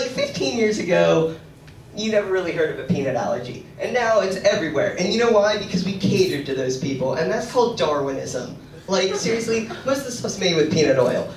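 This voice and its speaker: A man's voice: high-pitched, sing-song, moderate pace. A young man doing a stand-up set while sick, with a rambling, crude, ranting delivery. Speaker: stand-up comedian. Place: comedy club stage. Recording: echoey room from far off, noisy audience recording.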